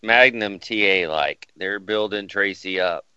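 A man's voice: lowish voice, a little slow, bright, forceful tone, smooth, dry recording, lo-fi sound. A man co-hosting a casual chat, dropping dry wisecracking asides. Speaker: podcast co-host.

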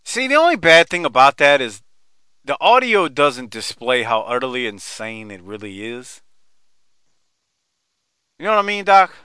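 A man hosting a casual podcast, talking in an animated, profane way while presenting a clip. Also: medium pitch, moderate pace, long pauses, clean tone, dry recording. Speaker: podcast host. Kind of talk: casual chat.

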